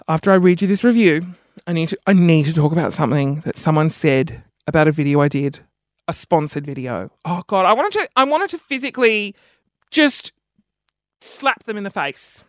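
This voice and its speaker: A man's voice: fairly high pitch, no room sound. Rambling male podcast host, dry sound. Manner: rambling, self-mocking, quick asides; audible sniffing between phrases. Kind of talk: casual solo podcast chat.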